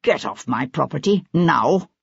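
A woman's voice: low-pitched, expressive, measured pace, vocal fry, breathy edge, no echo, muffled recording, exaggerated voice. A woman voicing a hot-tempered one-armed army captain in an audiobook, curt and demanding.

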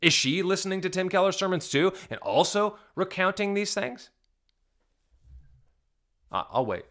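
A man's voice: high voice, lively intonation, normal speed, fairly bright tone. A male pastor giving video reaction commentary, emphatic and indignant, firing rhetorical questions at his viewers. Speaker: Southern Baptist pastor.

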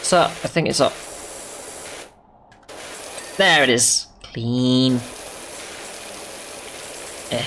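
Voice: medium pitch, slow pace, pauses often, fairly bright tone, slight background noise. A gamer giving playful let's-play commentary, goofy, talking to themself and humming silly tunes. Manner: goofy, talks to self, hums silly tunes.

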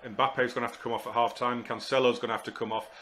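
A man commentating live on his football management game, exasperated and muttering to himself, with sudden shouts when goals go in. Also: medium pitch, flat delivery, fast, a little hiss or hum. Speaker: gaming YouTuber.

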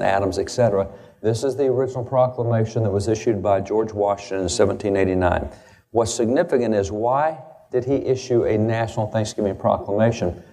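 A man's voice: on the low side, dark tone. A man from the United States giving a lecture-style talk on the founders, emphatic and quoting old documents with stress on key words. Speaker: speaker on founding history.

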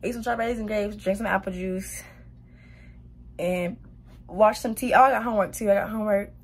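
A woman's voice: medium pitch, steady tone, a little fast, slight background noise. A young woman vlogging casually to the camera, chatty and laughing, out of breath after a long walk. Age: young adult. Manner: chatty, laughs often, says y'all a lot. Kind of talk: casual vlog chat to camera.

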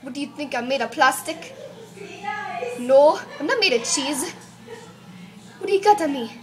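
A woman voicing a bossy, scolding female schoolteacher in a put-on British accent, loud and exasperated. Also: sits high, fairly even intonation, quick pace, over music, natural voice.

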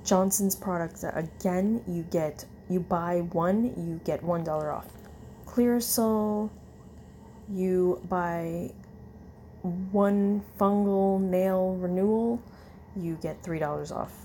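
Slow, tired woman reading coupons. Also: fairly low pitch, steady tone, dark tone, a little hiss or hum. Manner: slow, tired reading with fillers and self-corrections. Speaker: vlogger. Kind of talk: casual chat reading a coupon list.

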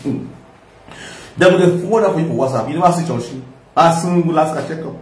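Recorded from a distance in an echoey room with slight background noise, a man with a Nigerian accent offers rambling, mocking reaction commentary as a social media personality, often breaking into laughter. His voice is a little high and fairly quick.

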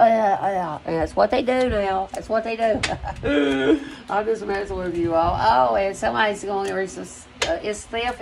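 Gravelly-voiced woman doing a rambling card reading. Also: medium pitch, noisy background. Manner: rambling and profane, addresses viewers directly. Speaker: spiritual card reader. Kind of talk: casual oracle card reading to viewers.

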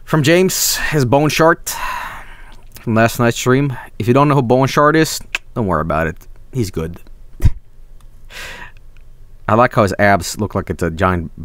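A man's voice: mid-range voice, a little slow, long pauses, dry recording. A man streaming casually, reading out fan art and chat, rambling, swearing freely and breaking into silly voices.

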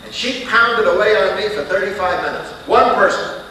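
A man tells a story from the pulpit with dramatic, lively delivery. His voice sits a little high. It is caught from far off in a big, ringing hall, with a clear layer of hiss. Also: moderate pace. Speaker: preacher. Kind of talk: sermon storytelling.

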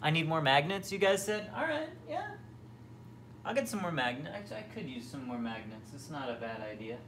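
A man's voice: fairly high pitch, sing-song, fairly quick, fairly bright tone, slight background noise. A young man hosting a casual livestream from his home kitchen, chatting in a rambling way with lots of fillers and restarts as he answers viewers. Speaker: livestream host. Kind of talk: casual livestream chat reading comments. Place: home, near the kitchen fridge.

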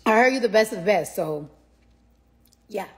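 A woman's voice: mid-range voice, animated, normal speed. A tired woman rambling casually and profanely on a live stream from her phone, repeating herself as she talks to fans.

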